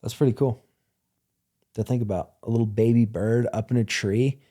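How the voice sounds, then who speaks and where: A man hosting a podcast in casual chat, animated and joking, often laughing and swearing. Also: mid-range voice, moderate pace. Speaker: podcast host.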